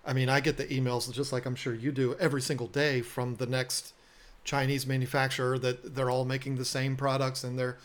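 A man's voice: medium pitch, level tone, fairly quick. A man hosting a podcast, telling stories in a casual, earnest and self-deprecating way, often repeating words as he restarts. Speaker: podcast host and aquarium business owner. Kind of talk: casual storytelling conversation.

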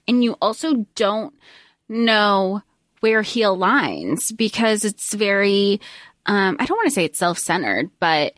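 A woman's voice: mid-range voice, fairly bright tone, dry recording, studio quality. A woman co-hosting a podcast, reflecting on a book and working through her notes aloud. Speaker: podcast co-host. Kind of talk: casual book discussion.

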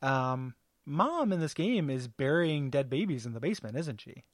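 A podcast co-host chats casually in an expressive, mid-range voice at normal speed, hesitant and full of fillers and laughing easily. The recording is dry, with clean studio sound.

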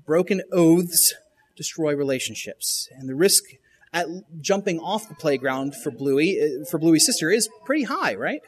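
A man's voice: a little high, lively intonation, normal speed. A male pastor retelling a children's show episode during a sermon, with frequent restarts and emphatic rises.

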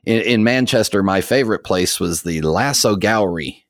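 A deep-voiced American man talks through a casual podcast conversation. He rambles comfortably, with many fillers and small laughs. The sound is dry and close. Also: normal speed, no echo. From United States. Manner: relaxed and rambling, with frequent fillers and soft laughs. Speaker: podcast host. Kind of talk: casual chat.

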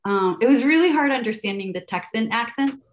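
A woman's voice: a little high, expressive, fairly quick, faint music behind. Chatty young woman, Spanish speaker. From Venezuela. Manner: chatty, many fillers and restarts, laughs often. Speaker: guest, math educator. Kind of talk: casual podcast interview.

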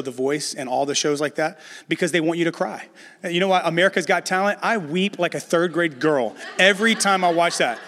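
A middle-aged male pastor preaches with a raised, animated voice, jumping into personal stories and joking with his listeners. His voice rings out through a large hall with a long reverb tail. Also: on the high side. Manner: animated storytelling, addresses the congregation with humor. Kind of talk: sermon.

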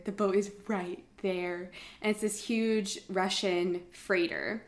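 A woman's voice: mid-range voice, steady tone, slow. A woman casually retelling a survival story to a friend, chatty, with lots of fillers, acting out the quotes.

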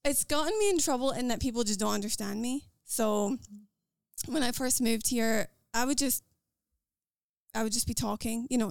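An American woman with a Scottish-tinged accent, talking as a podcast guest in an earnest, quick way with fillers and restarts. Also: fairly high pitch, gravelly, smooth, no echo, clean studio sound. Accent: American with a Scottish lilt. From United States. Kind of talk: casual conversational interview.

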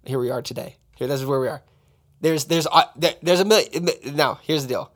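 A man co-hosting a casual conversation, talking with energy in quick excited bursts and laughing easily. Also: a little high. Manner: animated, energetic, fast bursts when excited; laughs and jokes.

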